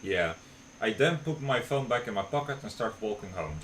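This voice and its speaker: A young man streamer reading a visual novel aloud on a live stream, relaxed and cracking jokes in between. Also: on the low side, moderate pace, a little hiss or hum.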